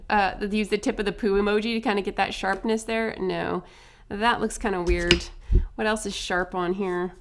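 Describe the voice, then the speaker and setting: A woman's voice: mid-range voice, little pitch movement, moderate pace, slight background noise. Chatty upbeat woman teaching face painting. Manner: chatty, upbeat, self-amused, many asides and tag questions. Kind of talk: casual tutorial demonstration.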